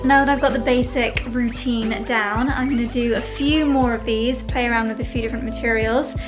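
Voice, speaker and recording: A woman's voice: fairly high pitch, steady tone, a little fast, music in the background. Chatty woman vlogging at home. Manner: chatty and upbeat, addresses viewers as darlings. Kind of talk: casual vlog chat. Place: home and garden.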